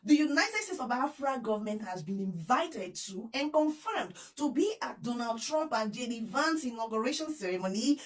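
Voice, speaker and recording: A woman with a Nigerian accent hosting an excited news vlog, effusive and giggly, repeating her appeals to viewers. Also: fairly high pitch, moderate pace, few pauses, far from the mic. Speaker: vlogger.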